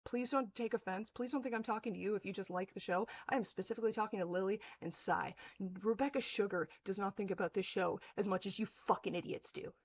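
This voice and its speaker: A young woman talks fast with few pauses as she rants in fury on her own video, swearing heavily, hurling cutting insults, and occasionally mocking people in a sneering tone. Her voice is mid-range, and the highs are cut off in the audio.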